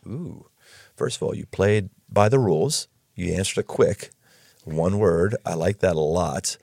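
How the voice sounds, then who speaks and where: A man's voice: deep voice, a little slow, vocal fry, darkish tone, no room sound. Laid-back guy hosting a podcast, chill folksy way of talking, dry close sound. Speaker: podcast host. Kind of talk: casual chat.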